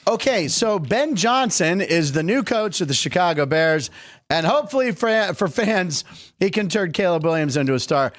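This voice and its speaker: Sports show host guy, kinda high voice, lively jokey delivery, dry close mic. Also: normal speed, no room sound. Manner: jokey, animated, goofs with accents. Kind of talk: casual sports chat.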